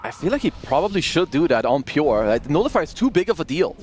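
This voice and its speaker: A man giving color commentary on an esports match, calmly explaining what the teams are doing. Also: a little high, quick pace, faint music behind. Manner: relaxed analytical explanations. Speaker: esports analyst.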